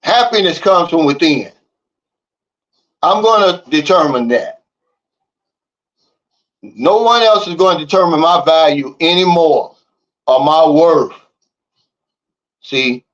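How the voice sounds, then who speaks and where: A man's voice: fairly high pitch, expressive, takes it slowly, pauses often, fairly bright tone, lo-fi sound. A man hosting a livestream, reading the chat and ranting in a blunt, fired-up way. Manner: fired-up, blunt, repeats "Big Dog" and "okay?". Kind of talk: casual livestream talk. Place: living in the Philippines.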